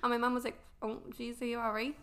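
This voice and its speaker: Fast-talking young woman telling a story. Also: fairly high pitch, level tone, a bit bright. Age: 20s. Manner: candid storytelling full of fillers and swearing. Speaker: podcast guest. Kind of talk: casual chat.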